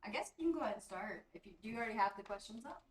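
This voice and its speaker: A woman's voice: mid-range voice, animated, racing, slightly rough. A woman co-hosting a podcast in casual chat, chatty and laughing often. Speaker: podcast co-host.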